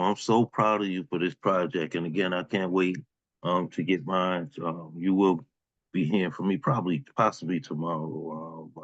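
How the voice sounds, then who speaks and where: A man's voice: low-pitched, a bit bright, dry recording, dull audio. A man hosting an online open mic, chatting casually and affectionately with the poets over a video call. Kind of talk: casual emcee chat.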